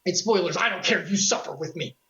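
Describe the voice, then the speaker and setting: A woman streamer recapping a video game series in casual commentary, excitable and joking, with quick asides to her chat. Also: lowish voice, muffled recording.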